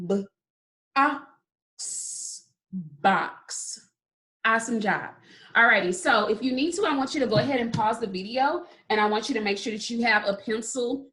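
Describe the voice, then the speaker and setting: A woman teaching a phonics lesson to young children, sounding words out slowly and praising often. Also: medium pitch, fairly bright tone. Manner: slow, drawn-out sounding out of words; encouraging, repeated praise. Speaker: kindergarten teacher.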